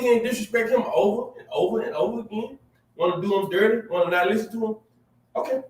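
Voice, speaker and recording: A man co-hosting a sermon, reading scripture and exhorting with energetic, exclamatory interjections. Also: high-pitched, fast. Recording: echoey room, mic at a distance.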